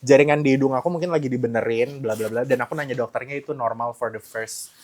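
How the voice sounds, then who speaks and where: Woman host, extremely low voice, jokey and blunt, mixes two languages. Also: very fast, a crowd in the background. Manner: switches between Indonesian and English, jokey and blunt. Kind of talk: casual chat.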